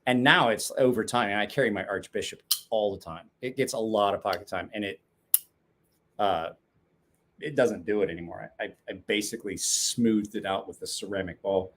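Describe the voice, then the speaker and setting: A man's voice: on the low side, normal speed, fairly bright tone, slight background noise. A man in his forties hosting a casual knife-sharpening chat show from his garage, rambling, swearing and laughing often. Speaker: knife sharpening podcast host. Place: home garage.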